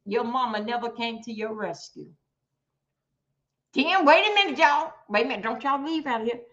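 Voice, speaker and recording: A high, bright-voiced woman runs a casual livestream, calling out to her viewers in a blunt, profane, exclamatory way. Her sharp tone comes through dull, lo-fi stream audio. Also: expressive, normal speed. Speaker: livestream host.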